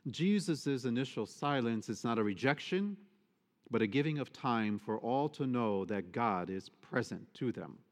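A male priest giving a sermon, expressive and emphatic, often asking the congregation rhetorical questions. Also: mid-range voice, unhurried. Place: church. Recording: long church reverb.

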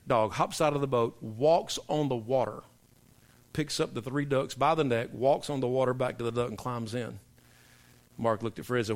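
A man preaching a sermon, telling joke stories in a folksy way, then building into loud emphatic preaching. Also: medium pitch, moderate pace. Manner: folksy storyteller, swings from soft asides to loud emphatic preaching.

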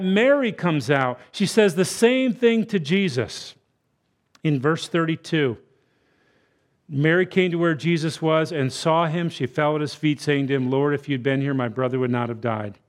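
A man preaching a sermon, soft to booming. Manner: swings from soft, hushed consolation to loud, bellowing emphasis; acts out quoted voices for effect. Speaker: guest preacher. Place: church sanctuary.

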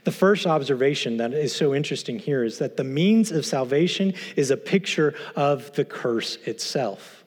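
A man's voice: medium pitch, expressive, moderate pace, hardly any pauses, slightly rough. A man teaching through a Bible passage, earnest and emphatic, posing rhetorical questions to his listeners. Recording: long hall reverb.

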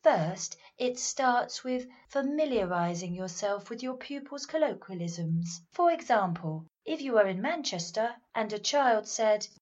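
An actress playing an earnest, instructive voice coach in a comedy panel sketch. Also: female voice, a little high, animated, measured pace, hardly any pauses, lo-fi sound.

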